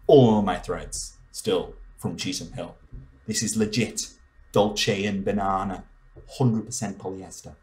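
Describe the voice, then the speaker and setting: A young man doing a stand-up comedy bit, playful and mock-indignant, breaking into sudden loud outbursts. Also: low voice, fairly even intonation, measured pace. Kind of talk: animated stand-up monologue.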